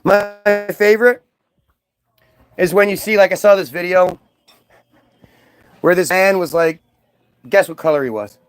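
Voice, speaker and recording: A man's voice: high voice, unhurried, pauses often, smooth, no echo, faint music behind. A man delivering a profane, sarcastic ranting monologue, mocking as he goes. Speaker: vlogger.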